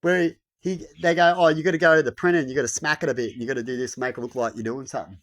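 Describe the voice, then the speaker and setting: A man rambling through an off-the-cuff rant. His voice sits in a middle pitch, and he swears freely. He slips into loud, mocking impressions of the people he quotes. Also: fairly even intonation, racing.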